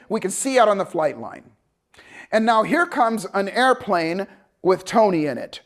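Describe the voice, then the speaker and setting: A man speaking as a motivational speaker tells a story to an audience. His voice sits high and moves easily, conversational and animated.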